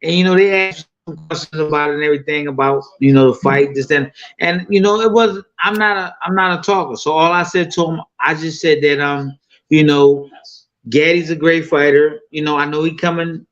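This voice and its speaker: A man's voice: fairly high pitch, steady tone, normal speed, a bit bright, highs cut off. A man in his fifties telling a fight story in loose, profane casual talk full of fillers. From United States. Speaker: boxing guest.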